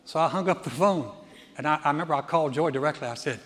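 Quick and somewhat high, this man in his sixties delivers a sermon as a pastor, his tone a little bright against long hall reverb. Emphatic, he builds through escalating lists and tells stories laced with humorous asides.

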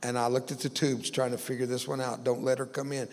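A man's voice: mid-range voice, little pitch movement, fast, darkish tone, in a large hall. A man telling a personal story as a guest speaker in a church, acting out voices with humorous asides. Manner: dramatic storyteller, acts out dialogue, humorous asides. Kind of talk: storytelling sermon.

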